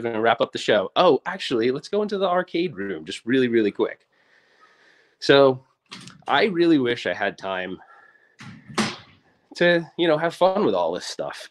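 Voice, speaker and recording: Rambling man in his forties, livestreaming. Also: mid-range voice. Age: 40s. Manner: rambling, upbeat, trails off and restarts. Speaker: livestream host. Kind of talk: casual livestream chat.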